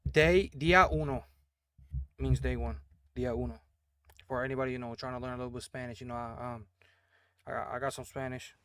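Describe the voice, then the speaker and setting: A man giving casual, crude, joking commentary while playing a game, often trailing off into quiet mumbled asides. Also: medium pitch, completely flat delivery, fast, smooth, no echo. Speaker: gaming streamer.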